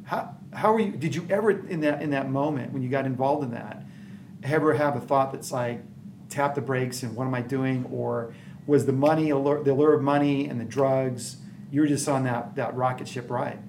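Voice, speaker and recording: A man's voice: mid-range voice, moderate pace, darkish tone. A man hosting a faith-based interview, asking probing, searching questions. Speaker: interview host. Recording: distant mic with audible hiss.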